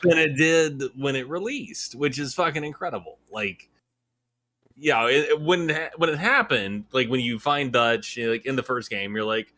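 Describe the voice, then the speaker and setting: Forceful man, casual podcast talk. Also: medium pitch, normal speed. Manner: animated and profane. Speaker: podcast co-host. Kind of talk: casual chat.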